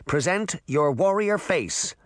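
A man's voice: high voice, animated, takes it slowly, no room sound, clean studio sound, pitched above the performer's own voice. A man voicing a brave little girl who barks earnest martial-arts commands in a raised voice. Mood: determined.

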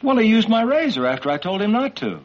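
An actor playing a calm, fair-minded middle-aged suburban father in 1950s sitcom style, speaking in a measured, mildly stern way. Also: high voice. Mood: gentle. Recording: dull 1950s TV sitcom audio.

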